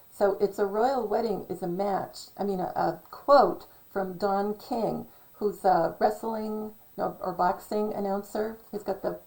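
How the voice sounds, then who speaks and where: A middle-aged woman talking in a rambling, casual monologue, hesitant and full of ums and self-corrections, a little hoarse from losing her voice. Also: medium pitch, a little mellow, poor audio. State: losing her voice, clearing throat. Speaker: channel host.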